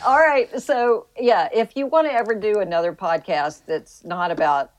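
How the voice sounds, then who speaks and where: A woman's voice: medium pitch, moderate pace, a loud crowd, poor audio. A woman with a Southern US accent, a podcast guest chatting casually with teasing, sarcastic humor. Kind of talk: casual chat.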